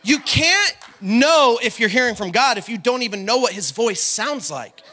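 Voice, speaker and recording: A male preacher delivers a sermon in an unusually high, bright voice. He preaches with animated energy and often rises to a shout. Now and then he breaks briefly into song. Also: normal speed, a little hiss or hum.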